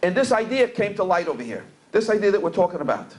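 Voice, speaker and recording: A man's voice: sits high, very animated, quick pace. A middle-aged man, a rabbi, giving a storytelling Torah lecture and mixing Hebrew and Yiddish terms into English. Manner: storytelling, repeats words while searching for a phrase. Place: community center event hall.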